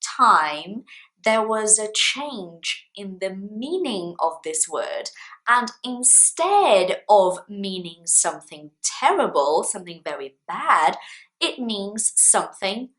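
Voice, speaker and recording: A woman teaching English vocabulary to camera in a clear, deliberate way, with playful example sentences. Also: mid-range voice, very animated, fairly bright tone.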